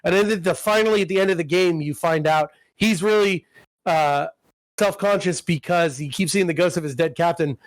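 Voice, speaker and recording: Male podcast co-host, higher voice, rambling and profane recaps. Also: moderate pace, no room sound. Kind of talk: casual chat.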